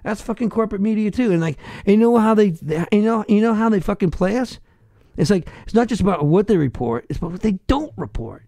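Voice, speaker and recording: Ranting, profane man with a gravelly high voice. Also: animated, brisk, mellow, dry recording, studio quality. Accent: Boston. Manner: profane, heated, rambling rants. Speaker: podcast guest, hardcore musician. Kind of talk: ranting casual chat.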